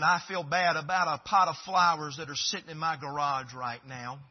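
A man's voice: a little high, brisk. A man preaching a sermon in a folksy, conversational way that swells into fervent exhortation. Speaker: pastor. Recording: dull lo-fi recording.

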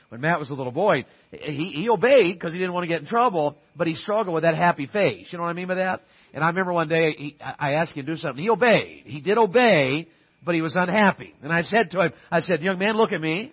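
A middle-aged pastor with a high, breathy-edged voice preaches a sermon, spinning folksy stories and driving his points home emphatically. The audio sounds dull.

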